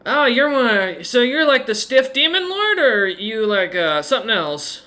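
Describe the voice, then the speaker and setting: A gleeful, bloodthirsty young rogue woman with a high, sing-song voice, as a man puts her on. Her tone is bright and teasing, and it swoops up and down. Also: very animated, moderate pace, exaggerated voice.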